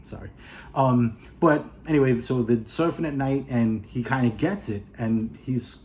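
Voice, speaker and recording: For his video review, a man casually retells a movie plot, rambling with plenty of "you know" and "uh" and acting out characters' lines in quick asides. His voice is mid-range and darkish, with a little hiss or hum in the recording.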